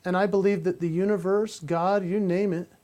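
A man co-hosting a podcast, telling a personal story in a lively way and slowing down for reflective points. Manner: animated, acts out quoted voices and drops low and slow for reflective points. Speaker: podcast co-host and coach. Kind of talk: conversational storytelling.

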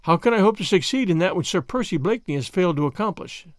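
A man reading an audiobook, voicing a sly, sarcastic French agent who speaks quietly with mock gallantry. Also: high voice, expressive, quick pace, dry recording, clean studio sound. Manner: quiet, smooth, mockingly gallant. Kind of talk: audiobook character voice.

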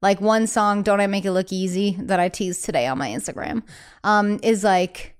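A woman guest singer chatting casually in an interview, animated and acting out quotes in other voices, laughing often. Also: mid-range voice, moderate pace, clear, resonant tone.

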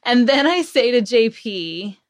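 Speaking at a measured pace in a voice a little on the high side, a woman is recorded with clean, dry studio sound as a podcast guest. The parenting author chats casually and tells stories with gusto, acting out her kids' lines and her own, with fillers and laughs throughout.

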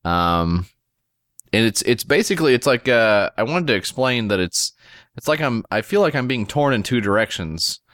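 A man's voice: mid-range voice, expressive, normal speed, a bit bright, no room sound. Rambling American man, dry close sound. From United States. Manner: rambling, self-deprecating, swears freely. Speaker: podcast host. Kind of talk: casual chat.

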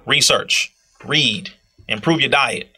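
A young man talking in a casual podcast chat, preachy and animated, tagging lines with "bro" and leaping into high exclamations. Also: takes it slowly, breathy edge. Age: young adult. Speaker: guest speaker.

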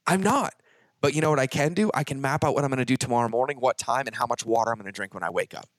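A man's voice: medium pitch, very fast. A man hosting a podcast in a casual conversation, talking emphatically and swearing freely. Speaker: podcast host.

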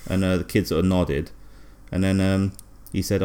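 Deep low aussie guy rambling through a silly story, deadpan, lots of ums. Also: normal speed, clear, resonant tone. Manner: rambling, hesitant, many fillers. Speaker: podcast co-host.

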